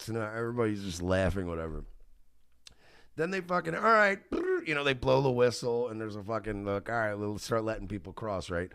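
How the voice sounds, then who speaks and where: A man with a fairly low voice tells a rambling story on his radio show. He is animated, swears freely and breaks into laughter. The recording is dry and close, with no room sound. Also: a little fast, vocal fry, clear, resonant tone, dry recording. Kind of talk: casual storytelling.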